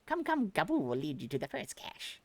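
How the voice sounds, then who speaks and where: A man's voice: high voice, huge pitch swings, brisk, no echo, full character voice. A man voicing a timid, pleading little male kobold in a game, with an odd put-on accent and repeated words. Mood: eager. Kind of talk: reading game dialogue aloud.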